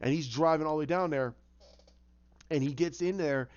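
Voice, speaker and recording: A man excitedly telling a movie idea as a casual story, acting out scenes with sound effects. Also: fairly high pitch, moderate pace. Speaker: fan pitching a film idea. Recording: muffled lo-fi recording.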